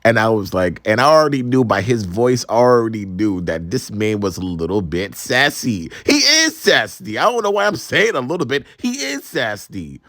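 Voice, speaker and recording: A man's voice: lowish voice, fairly quick, few pauses, no room sound, clean studio sound. A young man in his twenties from Maryland, telling a story casually with lots of slang and swearing. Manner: animated, profane, slangy, exclaims "bro" a lot. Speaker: storytime vlogger.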